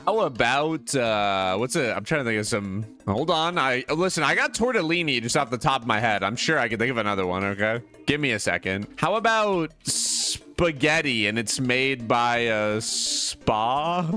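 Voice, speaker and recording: A man's voice: medium pitch, expressive, moderate pace, hardly any pauses, sharp tone, soft background music. A man in his twenties, tired from little sleep, chatting with his stream viewers in a rambling, sarcastic way. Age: 20s. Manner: rambling, sarcastic banter, reads chat aloud. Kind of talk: casual livestream chat with viewers.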